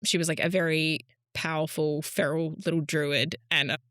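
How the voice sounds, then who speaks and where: A woman's voice: low voice, level tone, moderate pace, fairly bright tone, no echo, clean studio sound. A woman co-hosting a podcast in casual chat, rambling and correcting herself as she goes. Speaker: podcast co-host.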